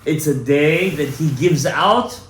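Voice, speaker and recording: A man giving a Torah class to a small audience, emphatic and exhorting, often rising to loud, fervent urging. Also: medium pitch, animated, normal speed. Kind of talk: animated Torah lecture to a live audience. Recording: echoey room, faint room noise.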